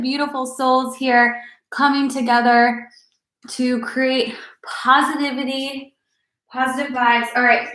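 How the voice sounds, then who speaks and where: A sharp-toned, high-sitting voice belongs to a young woman instructing a live-streamed yoga class. She's encouraging and a bit out of breath as she exercises and calls out each move; the mic is distant and the room echoes.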